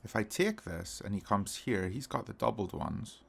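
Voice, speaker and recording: A man's voice: lowish voice, animated, normal speed, creaky, a bit bright. A man commenting casually on his own chess games, talking to his viewers as lads. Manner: chatty, calls viewers lads, prone to frustrated outbursts. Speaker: chess streamer.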